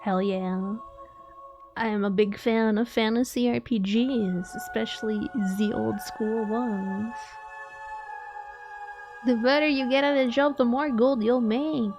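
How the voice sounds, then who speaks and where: A woman's voice: on the high side, steady tone, takes it slowly, darkish tone, soft background music. A young woman streaming a game live, chatting casually, laughing often and answering her chat.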